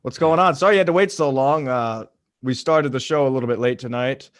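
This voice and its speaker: A man's voice: mid-range voice, fairly quick, dry recording, clean studio sound. A man from the American South hosting a podcast, talking loosely with lots of fillers. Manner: loose, rambling, many fillers. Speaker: podcast host. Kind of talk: casual chat.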